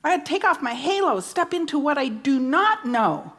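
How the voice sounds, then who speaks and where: A woman's voice: sits high, big pitch swings, moderate pace. A woman minister preaching a sermon, emphatic, repeating key words and asking rhetorical questions.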